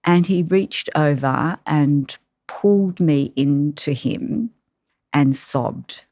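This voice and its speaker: A woman, a carer, telling her personal story in an interview, reflective and halting with many pauses. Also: low-pitched, dark tone, no echo, studio quality.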